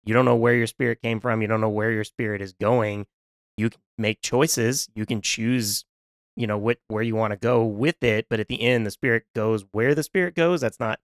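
A man's voice: lowish voice, steady tone, moderate pace, smooth, no echo, clean studio sound. A man co-hosting a film podcast, reflecting aloud in a casual discussion. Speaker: podcast co-host.

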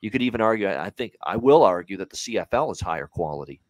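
A man with a fairly low voice launches into a fired-up podcast rant and swears without holding back. He talks casually into a close mic. The sound is dry and dead, with no room around it. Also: expressive, fast, no echo. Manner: heated, ranting, swears freely. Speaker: sports betting podcast co-host.

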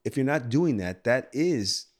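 A man's voice: mid-range voice, animated, a little slow. A man co-hosting a podcast, talking casually and building on his partner's points. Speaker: podcast co-host. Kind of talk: casual chat.

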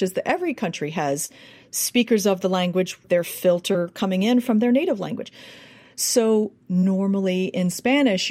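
American woman dialect coach chatting on a podcast, animated, does little accent demos. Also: medium pitch. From United States. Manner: animated, demonstrates accents and sounds. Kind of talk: interview guest, casual storytelling.

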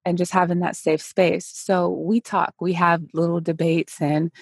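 Low, gravelly woman hosting a chat. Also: a little slow, no echo, clean studio sound. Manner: animated, acts out quoted dialogue. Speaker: podcast host. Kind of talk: casual conversational interview. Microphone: remote call recording.

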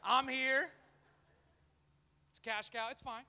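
A man preaching a sermon as pastor to a live church audience, lively and joking, acting out the voices he quotes. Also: very high voice, slow, clean tone.

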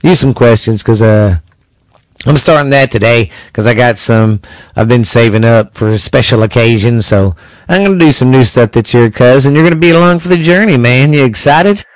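A man's voice: medium pitch, normal speed, no echo. A man hosting a podcast, chatting casually and laid-back, full of fillers, calling his guest cuz. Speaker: podcast host.

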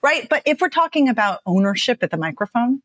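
A woman speaking as a speech and dialect coach, explaining with emphatic, lively phrasing and frequent "right?" checks. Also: fairly high pitch, fast, no echo, clean studio sound. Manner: animated, emphatic, lots of "right?". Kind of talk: podcast interview guest.

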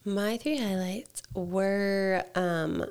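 Gravelly woman recovering from a cold. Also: medium pitch, extremely slow. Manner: gentle, laughs often. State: recovering from illness, congested. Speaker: podcast co-host. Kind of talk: casual chat. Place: home dining room table.

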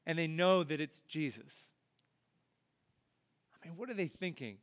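A man with a high, smooth, resonant voice preaches to a church congregation in a loose, conversational style. He retells the story as if chatting with friends and slips into the voices of the people in it. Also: expressive, measured pace, pauses often. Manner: casual storytelling, acts out voices of the people he describes. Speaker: pastor. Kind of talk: conversational sermon. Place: church service before a congregation. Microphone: body-worn microphone.

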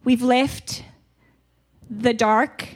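A woman's voice: fairly high pitch, fairly even intonation, drawn-out words. A South African woman giving a candid, chatty church retreat talk with a stuffy nose, laughing at herself now and then. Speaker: retreat speaker. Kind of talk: conversational church teaching.

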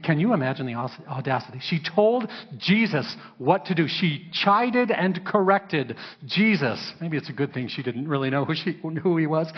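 A man's voice: a little high, husky, dull audio. Man preaching in a reverberant hall. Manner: interactive, asks the congregation to answer; acts out biblical characters with sassy raised voice. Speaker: pastor. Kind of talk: sermon. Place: church hall.

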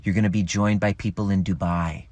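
Man, lower pitch, casual live-stream coach, animated and swears freely. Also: fairly quick, no room sound. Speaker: relationship coach. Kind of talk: casual Facebook Live talk.

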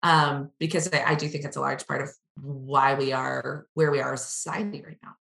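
Low bright-toned woman chatting candidly. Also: fairly quick, creaky, reverberant. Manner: candid, animated storytelling with acted-out quotes. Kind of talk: casual chat.

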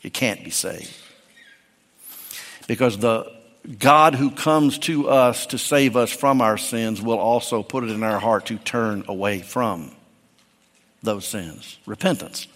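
A male pastor preaching a sermon, swinging from loud, emphatic peaks to hushed, quiet lows. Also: slow, pauses often, big-room sound.

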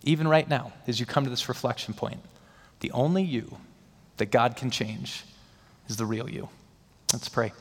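A man's voice: mid-range voice, normal speed, pauses often. A man preaching a sermon as pastor, emphatic, building his points phrase by phrase with rising stress. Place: church hall. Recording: long hall reverb.

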